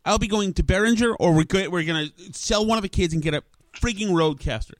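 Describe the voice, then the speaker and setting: A man with a fairly high voice rants furiously into his podcast mic, swearing and sputtering in exasperation. The recording is dry and close, with no room echo. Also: fast. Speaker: podcast host. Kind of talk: ranting podcast monologue. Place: studio with recording gear.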